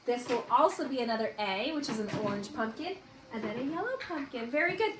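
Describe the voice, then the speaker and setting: A woman teacher leading a distance-learning morning meeting for young children, in a slow, sing-song, encouraging voice. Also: a little high, lively intonation. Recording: echoey room with faint hiss.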